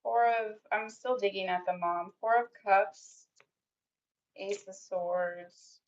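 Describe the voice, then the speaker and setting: A woman's voice: mid-range voice, steady tone, slow pace, lo-fi sound. A young woman doing a tarot reading for her viewers, speaking bluntly and swearing freely with lots of "like" fillers. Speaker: tarot reader.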